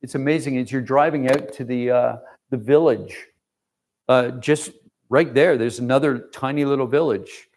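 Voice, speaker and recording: A man's voice: medium pitch, normal speed, darkish tone. A man giving an informal, emotional mission report to a church congregation, rambling with fillers and restarts. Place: church sanctuary.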